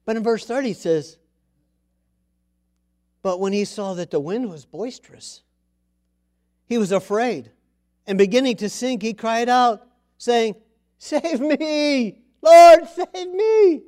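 High-voiced, animated male preacher. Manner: animated, with sudden loud bursts and soft drops; slows down to read scripture aloud. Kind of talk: sermon.

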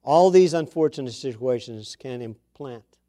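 A man's voice: mid-range voice, lively intonation, unhurried, warm tone. A man preaching a sermon to his congregation in a conversational way, with chatty asides and emphatic repeats of key words. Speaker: pastor.

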